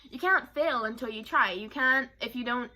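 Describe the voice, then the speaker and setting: Young woman chatting to her camera at home, bright voice, kinda rambly and heartfelt. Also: on the high side, moderate pace. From Barbados. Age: young adult. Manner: candid, emotional and rambling. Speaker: vlogger. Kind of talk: personal talk to camera.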